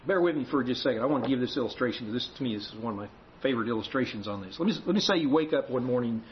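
A man's voice: medium pitch, animated, very fast, slight background noise. A man preaching a sermon to his congregation, telling a story with acted dialogue. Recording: muffled lo-fi recording with faint room ambience.

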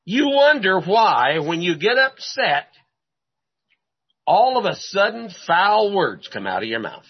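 A man delivers a sermon in a husky voice and at an unhurried pace. He asks rhetorical questions and drives his points home by repeating them. The recording sounds dull and lo-fi. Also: high voice. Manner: animated, rhetorical questions, repeats phrases for emphasis. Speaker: preacher.

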